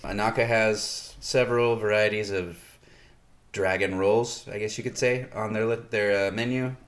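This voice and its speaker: Low-voiced guy cohosting a podcast, easygoing, lots of uhs. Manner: relaxed, rambling with fillers and pauses. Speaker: podcast co-host. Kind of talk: casual chat.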